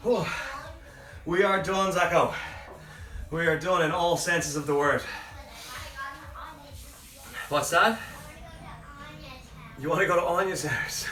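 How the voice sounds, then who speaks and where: A man, out of breath, leading a live workout with energetic cues and chatty asides. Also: fairly high pitch, takes it slowly, pauses often. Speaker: fitness coach. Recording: echoey room, mic at a distance, faint music.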